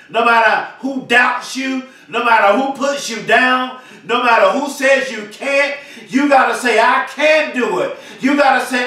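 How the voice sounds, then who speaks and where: A man giving a fiery, repetitive motivational speech, often shouting. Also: very high-pitched, very echoey, recorded from a distance. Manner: fiery, emphatic preaching cadence with repetition. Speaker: motivational speaker.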